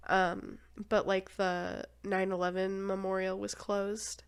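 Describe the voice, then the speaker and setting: A woman hosting a podcast, chatting casually and relaxed, with short agreeing replies. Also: mid-range voice, slow, smooth. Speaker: podcast host. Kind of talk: casual conversational interview.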